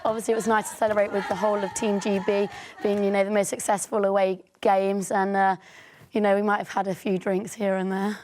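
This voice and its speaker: A sportswoman guest talks cheerfully and relaxed in a live TV studio interview. Her voice sounds slightly squeaky and strained. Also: brisk. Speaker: Olympic hockey player, guest. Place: TV news studio.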